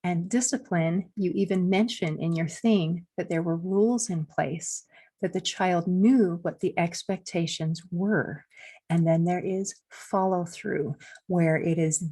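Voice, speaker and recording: A woman hosting a podcast interview, summing up her guest's points in a measured, reflective way. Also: fairly low pitch, a little mellow, breathy edge. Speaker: podcast host.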